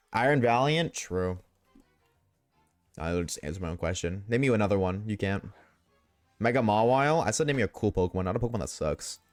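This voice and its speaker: On a casual gaming livestream, a young man with a voice on the low side jokes, swears freely and talks back to his viewers, with no room sound.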